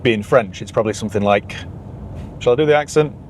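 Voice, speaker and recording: A man's voice: lowish voice, fast, slight background noise. A man with a Northern English accent, a used car dealer hosting a casual vlog to camera with dry, sarcastic humour.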